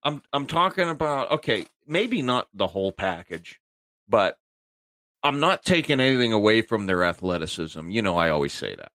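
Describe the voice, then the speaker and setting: A man with a low voice co-hosts a casual podcast, his pitch swinging a lot as he rambles along. He stumbles, restarts and repeats himself, and the sound is close and dry. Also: big pitch swings, normal speed, fairly bright tone, dry recording. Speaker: podcast co-host. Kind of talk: casual chat.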